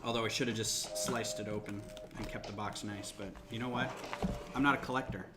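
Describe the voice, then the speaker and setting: Brisk and steady, a man with a fairly low voice thinks aloud with jokey asides during a casual live stream at his home building table. A desktop USB microphone sits close to him, and a laptop plays ambient music nearby.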